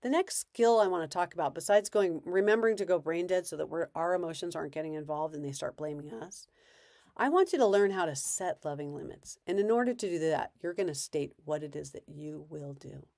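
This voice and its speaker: A woman's voice: fairly low pitch, animated, brisk, creaky, darkish tone, dry recording. Dry-voiced woman parenting coach. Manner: conversational, acts out parent and child dialogue. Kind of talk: casual advice talk.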